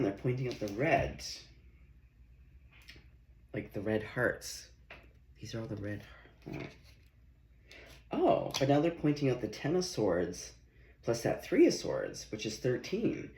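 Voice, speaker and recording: Man, casual tarot vlogger, slow and rambling, echoey kitchen on a phone mic. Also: medium pitch. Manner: chatty, swears and laughs, talks to himself. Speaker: tarot reader. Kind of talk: casual tarot reading vlog. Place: home kitchen. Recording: echoey room with loud background noise.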